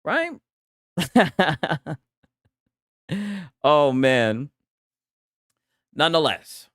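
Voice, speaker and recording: A man's voice: a little high, very animated, drawn-out words, fairly bright tone, no room sound, studio quality. A man hosting a casual gaming livestream, reading chat aloud, talking loose and profane with frequent laughs and restarts.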